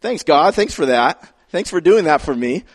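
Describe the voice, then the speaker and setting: A man's voice: fairly high pitch, lively intonation, moderate pace, slightly rough. A man voicing a sarcastic young fugitive. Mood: fed up. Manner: sarcastic grumbling.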